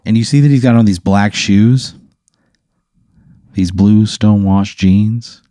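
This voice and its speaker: Laid-back man, improv storytelling, low mellow voice, dry close sound. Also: a little slow, dry recording. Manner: laid-back, casual, lots of "like". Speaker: host.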